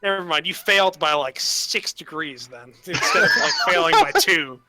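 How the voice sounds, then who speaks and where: A man's voice: fairly high pitch, wildly swooping pitch, moderate pace, a crowd in the background. A man acting as game master of a tabletop role-playing game, explaining rules and narrating scenes, often trailing off into fillers.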